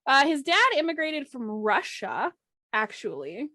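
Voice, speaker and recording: A woman's voice: high-pitched, sing-song, measured pace, sharp tone, no echo, clean studio sound. A woman hosting a casual banter podcast, wry and casually swearing. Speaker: podcast host.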